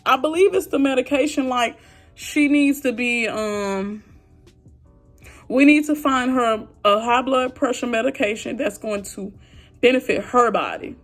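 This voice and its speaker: Frustrated high-voiced woman venting. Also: a little slow, soft background music. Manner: frustrated, heartfelt, talks straight to viewers. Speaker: vlogger. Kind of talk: emotional venting to camera.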